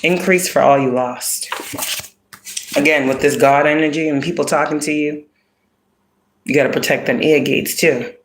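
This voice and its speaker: A woman's voice: sits low, steady tone, normal speed, pauses often, a little hiss or hum. A woman giving a casual spiritual card reading, talking bluntly with heavy profanity and streetwise slang. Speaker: spiritual reader. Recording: roomy echo.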